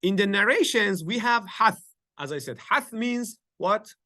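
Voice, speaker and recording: A man with a fairly high, bright voice teaches an informal study group, working through his points with frequent restarts and a habit of asking "right?". He sounds close and dry, with no room echo. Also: expressive, unhurried. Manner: explains step by step with many fillers and restarts, checks in with listeners. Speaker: teacher leading a study circle. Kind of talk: informal religious lesson. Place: home office.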